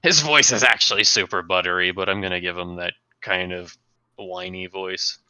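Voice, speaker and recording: A man running a tabletop role-playing game as game master, narrating the story for his players and sometimes dropping to a hush. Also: deep voice, fairly even intonation, moderate pace, clear, resonant tone, no echo. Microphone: desk mic on a live stream.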